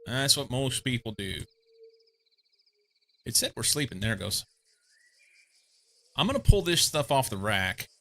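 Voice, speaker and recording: A man's voice: mid-range voice, very animated, a little slow, vocal fry, long pauses, fairly bright tone. A young man from Missouri streaming a game, chatting casually and rambling with lots of fillers. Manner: rambling, meandering, many fillers. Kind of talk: casual chat while playing a game.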